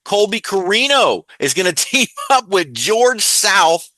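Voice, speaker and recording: A Southern US man hosting a casual wrestling news podcast, upbeat and chatty, often breaking into laughter. His voice is bright and forward. The sound is close and dry. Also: sits high, big pitch swings, a little slow, no echo. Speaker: podcast host.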